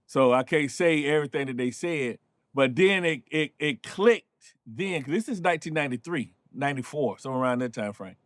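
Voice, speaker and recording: A man's voice: medium pitch, lively intonation, a little fast, no room sound, studio quality. A man in his fifties from North Carolina, telling a personal story in a loose, casual way with frequent asides. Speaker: show host and storyteller.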